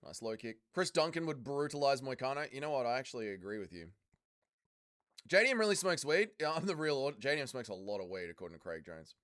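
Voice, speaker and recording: Very animated and quick, this watch-along stream host reads out the chat, trades crude banter, swears freely and calls everyone mate. He has a medium-pitched voice that's a bit bright, clear and resonant.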